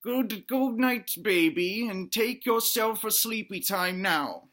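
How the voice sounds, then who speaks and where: A man voicing a mother dinosaur who coos gently to her child. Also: sits high, slow pace, voice pushed up. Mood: lulling. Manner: cooing, gentle, lulling.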